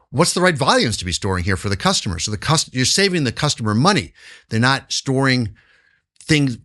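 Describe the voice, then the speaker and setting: A man speaking as a guest in an interview. His pitch moves a lot, rising and falling as he stresses points, and he repeats key words to hammer them home. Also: fairly bright tone. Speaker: guest, business founder. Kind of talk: interview answer.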